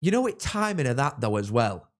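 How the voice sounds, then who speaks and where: A young man from England, hosting a live football watchalong and chatting with viewers, reacting loudly to goals. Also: medium pitch, very animated, a little fast. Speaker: livestream host.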